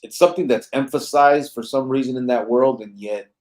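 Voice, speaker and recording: A man's voice: medium pitch, fairly quick, a little mellow. Laid-back man hosting a podcast. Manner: laid-back, often adds "you know what I mean". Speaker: podcast host. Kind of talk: casual podcast chat.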